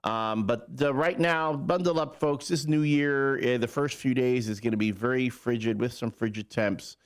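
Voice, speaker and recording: A man's voice: medium pitch, moderate pace, clear, resonant tone. Male morning radio host, jokey and rambling, easygoing banter into a studio mic. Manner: jokey, rambling, with playful asides. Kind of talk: casual morning radio banter and weather report.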